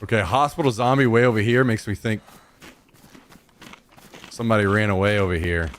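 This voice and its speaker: A man's voice: fairly low pitch, a little fast. A man from Missouri with a Southern accent, rambling in casual chat while streaming a game. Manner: rambling, drawling, trails off mid-sentence.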